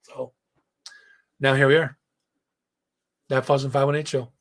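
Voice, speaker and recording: A man hosting a casual live stream, hoarse, telling a rambling, profane story and breaking off to talk to his chat. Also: medium pitch, little pitch movement, measured pace. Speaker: host.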